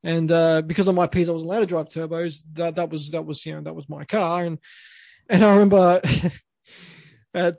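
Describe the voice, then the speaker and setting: A man's voice: fairly high pitch, steady tone, normal speed, gravelly, a little mellow, dry recording. A young Australian man, a podcast co-host, telling a rambling story full of restarts and laughs. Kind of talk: casual storytelling.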